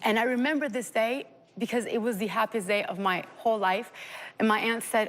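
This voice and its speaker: A woman's voice: fairly high pitch, fairly even intonation, brisk, a bit bright, big-room sound. A mother telling an emotional personal story as a guest on a TV talk show, earnest and close to tears. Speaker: parent guest.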